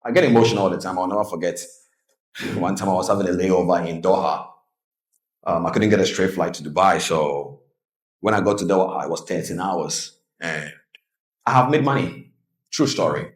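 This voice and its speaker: A man's voice: sits low, moderate pace, pauses often. A man giving a live seminar talk on the psychology of trading, telling stories and putting questions to the audience. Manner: storytelling, engages audience with questions. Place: hall before a live audience. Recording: roomy echo.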